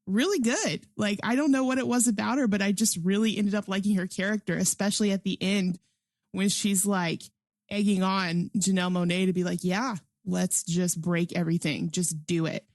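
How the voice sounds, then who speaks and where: A woman's voice: medium pitch, steady tone, normal speed, no room sound, studio quality. A woman co-hosting a podcast, chatting enthusiastically in a casual movie review, full of "like" and frequent laughs. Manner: enthusiastic, chatty, heavy use of "like"; laughs often while talking. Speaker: podcast co-host.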